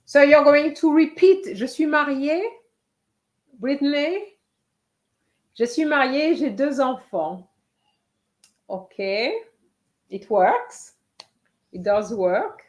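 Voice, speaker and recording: A woman teaching a live online French writing lesson, slowly reading out students' answers and encouraging them. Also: sits high, lively intonation.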